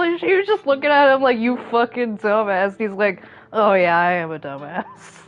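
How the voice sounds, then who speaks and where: A woman's voice: fairly high pitch, expressive, moderate pace, hardly any pauses, dull audio, soft background music. A woman streamer giving casual, profane gameplay commentary and acting out the characters' reactions as jokes.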